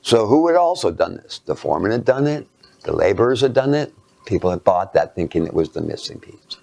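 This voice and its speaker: A man lecturing through a personal anecdote, halting and self-mocking, dropping into hushed asides. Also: lowish voice, very animated, vocal fry.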